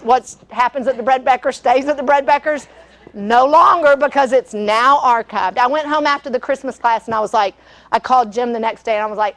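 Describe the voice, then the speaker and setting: Woman, middle-aged, high voice, laughing, rambling, cooking class. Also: fairly quick, fairly bright tone. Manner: chatty, laughing storyteller with many fillers. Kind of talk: live cooking demonstration with stories.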